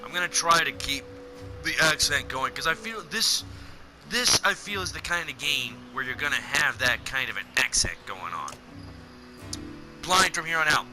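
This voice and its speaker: A man's voice: mid-range voice, expressive, moderate pace, sharp tone, faint music behind, rough recording. A man giving enthusiastic, casual let's play commentary on a video game and reading its text aloud.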